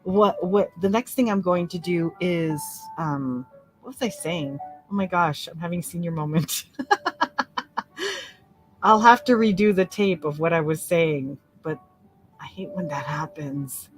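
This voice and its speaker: Chatty woman teaching crochet over soft music. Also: on the low side, expressive, takes it slowly. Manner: chatty, laughs often, counts stitches aloud softly. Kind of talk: relaxed crochet-along tutorial. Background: soft relaxing music.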